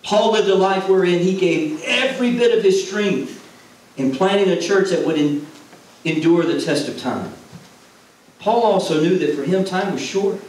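A man's voice: sits high, a little mellow. Earnest preaching man in an echoey hall. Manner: earnest, repeats phrases for emphasis. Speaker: former pastor. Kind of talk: sermon. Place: church sanctuary. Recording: echoey hall, from far off, faint noise.

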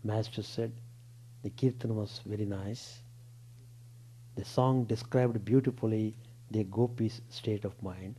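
A monk reading a scriptural account aloud in a temple lecture, measured, with rises on quoted words and a low drop on narration. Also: male voice, warm tone, a little hiss or hum, poor audio. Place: temple hall.

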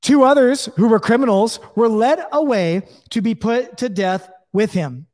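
A man's voice: very high-pitched, unhurried, darkish tone. Male Bible teacher, conversational, reads scripture and acts out quoted voices; long reverb around him.

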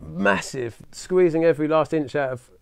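A man's voice: a little high, moderate pace, gravelly, noisy background. A man talking loosely as an interview guest about making electronic music, laughing often and imitating sounds with his mouth. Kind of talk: casual interview chat.

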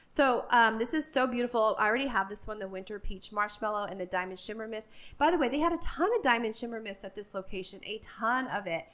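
A woman's voice: mid-range voice, a bit bright. A woman vlogging a casual store walk-through, chatty and enthusiastic, with lots of ums as she gushes over products. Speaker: shopping vlogger. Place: inside a retail store.

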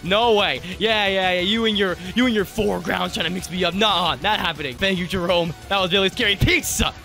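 A man commentating a video game as he plays, jokey and excitable, yelping and laughing at the scares. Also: high voice, a little fast, vocal fry, soft background music. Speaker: gaming YouTuber. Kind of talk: let's play commentary.

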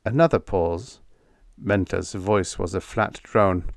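A man narrating a science fiction short story as a calm, unhurried sleep story. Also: sits low, vocal fry, no room sound, studio quality. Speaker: audiobook narrator.

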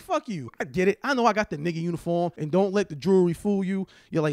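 A brash young man performing stand-up, his voice sitting high for a man. The sound is dry and close, with no room around it. He talks crudely and jumps into acted voices of the people in his stories. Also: fast talker, hardly any pauses, dry recording. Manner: brash, profane, acts out quoted voices. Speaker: stand-up comedian. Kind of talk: stand-up comedy set.

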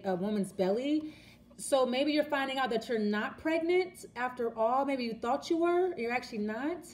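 Woman doing a tarot reading, high voice, chatty, keeps restarting, faint noise behind. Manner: chatty, repeats words and restarts, talks straight to the viewer. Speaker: tarot reader. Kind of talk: casual tarot reading to camera.

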